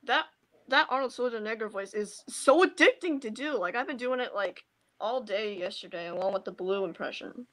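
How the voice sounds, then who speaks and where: A woman chatting casually with friends. She rambles and fills her talk with "like" and "um". Her voice is bright and fairly high. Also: animated, moderate pace. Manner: rambling with many fillers. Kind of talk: casual group chat.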